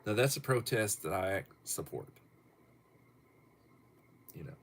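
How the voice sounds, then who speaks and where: A man's voice: lowish voice, animated, fairly bright tone. A middle-aged man hosting a casual livestream, reading topics aloud with chuckles. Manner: slow, chuckling, reads viewer topics aloud. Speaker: livestream host.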